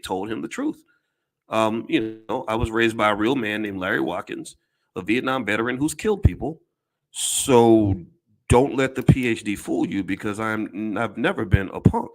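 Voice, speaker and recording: A man's voice: on the low side, animated, moderate pace. A man giving casual commentary to his audience, blunt and emphatic, with some swearing, often repeating words and restarting his sentences.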